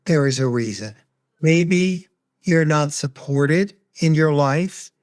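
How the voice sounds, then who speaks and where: Slow, earnest man telling his story. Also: fairly high pitch, darkish tone, dry recording, studio quality. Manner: earnest, measured, heartfelt. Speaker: grief expert guest. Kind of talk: reflective personal storytelling.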